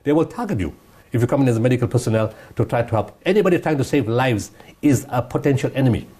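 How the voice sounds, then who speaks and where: A man's voice: mid-range voice, animated, quick pace, dark tone. A man giving impassioned interview answers, emphatic and repeating his points. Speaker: guest humanitarian speaker.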